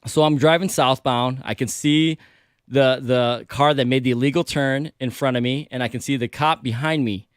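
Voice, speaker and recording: A man co-hosting a radio show, telling a story with lively quotes of himself and others. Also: moderate pace, smooth, no echo, studio quality. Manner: animated storyteller, acts out quotes with big pitch jumps. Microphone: studio microphone.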